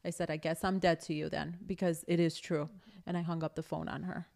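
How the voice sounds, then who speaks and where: A woman's voice: low voice, brisk, vocal fry. A woman co-hosting a podcast, telling a personal story in casual chat and acting out the people she quotes. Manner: storytelling, quoting others in animated voices. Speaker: podcast co-host.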